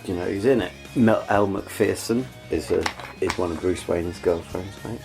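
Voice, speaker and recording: Gravelly deep bloke, mumbling, deadpan, distant with music behind. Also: female voice, moderate pace. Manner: mumbled, ends lines with "mate". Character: gruff bloke sidekick who keeps butting in.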